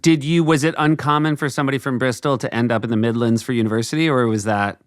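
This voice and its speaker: A man's voice: mid-range voice, fairly even intonation, quick pace, no echo, studio quality. An American man co-hosting a podcast, asking curious questions and laughing easily. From United States. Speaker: podcast co-host. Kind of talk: casual chat.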